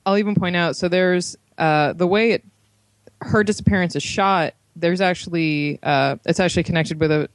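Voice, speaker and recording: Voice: mid-range voice, dry recording, low-quality recording. Earnest speaker on a dry mic. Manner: earnest, builds points with many "like"s. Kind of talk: casual film discussion.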